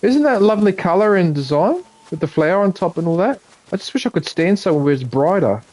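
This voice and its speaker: A man's voice: high-pitched, lively intonation, fast talker, darkish tone. A man chatting casually on a live game stream, muttering to himself and swearing when frustrated. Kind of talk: casual live-stream chat while gaming.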